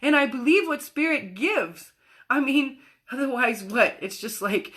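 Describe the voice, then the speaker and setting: A woman's voice: sits high, animated, measured pace, a bit bright. A woman giving a motivational spiritual talk on a livestream. She speaks expressively, with emphatic repetition, and acts out quoted voices. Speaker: spiritual coach.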